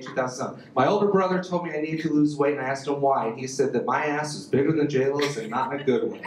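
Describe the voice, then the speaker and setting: A man giving a university lecture on communication, animated and joking as he quotes examples aloud. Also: mid-range voice, a little hiss or hum. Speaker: communication professor. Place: lecture room. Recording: roomy hall, faint ambience.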